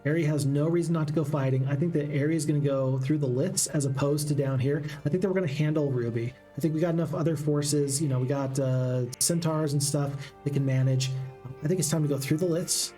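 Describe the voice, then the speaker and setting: A man with a slightly high, mellow voice talks through his moves in a strategy game, chatty and musing aloud to his viewers. Faint game music plays underneath. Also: steady tone, brisk. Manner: chatty, thinks aloud, addresses folks. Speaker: gaming channel host. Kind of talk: casual strategy game commentary.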